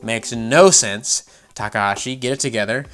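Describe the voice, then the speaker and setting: A man's voice: mid-range voice, normal speed, fairly bright tone, clean tone, faint music behind. Sarcastic, profane man ranting about games. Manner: sarcastic, profane, laughs often. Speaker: gaming news commentator. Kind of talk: casual commentary.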